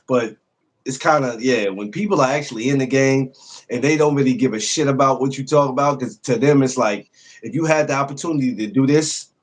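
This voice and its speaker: Husky, profane podcast host greeting chat. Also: male voice, medium pitch. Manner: loose, profane, greets viewers by name, laughs often. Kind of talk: casual livestream chat.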